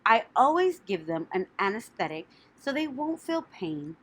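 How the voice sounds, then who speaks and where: A woman voicing a calm, wise female spider who speaks softly and sweetly but firmly. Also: mid-range voice, slightly rough, exaggerated voice. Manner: soft, sweet, brisk.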